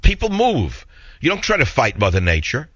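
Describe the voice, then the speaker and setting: A man's voice: medium pitch, wildly swooping pitch, normal speed, a bit bright, no room sound, lo-fi sound. A man with a heavy New York accent hosting a talk radio show, opinionated and rambling in a blunt monologue.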